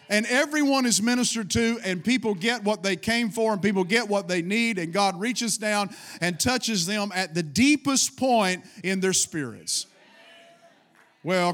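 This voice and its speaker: A man's voice: high voice, fairly bright tone. A middle-aged man preaching a fervent sermon to his congregation and calling for responses. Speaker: pastor.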